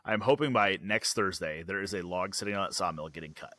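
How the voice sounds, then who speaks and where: A man's voice: low voice, brisk, a bit bright. A man co-hosting a podcast, telling a story in loose casual chat full of fillers. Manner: rambling storyteller, filler-heavy. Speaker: podcast co-host.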